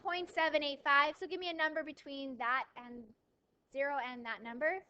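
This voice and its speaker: A woman teaching a math class, lively, asking questions and answering them herself, with a touch of dry sarcasm. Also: high-pitched, moderate pace, lo-fi sound. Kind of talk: classroom lecture.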